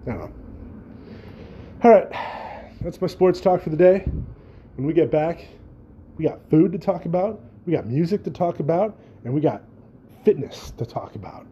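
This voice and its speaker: A man's voice: fairly high pitch, expressive, normal speed, long pauses, warm tone, lo-fi sound, a little hiss or hum. A young man hosting a solo podcast, rambling and joking casually with frequent swearing. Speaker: podcast host.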